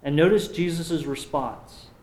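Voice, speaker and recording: A man preaching a sermon, slowing down when he reads scripture aloud. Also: a little high, a little mellow, echoey room. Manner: slows down to read scripture aloud.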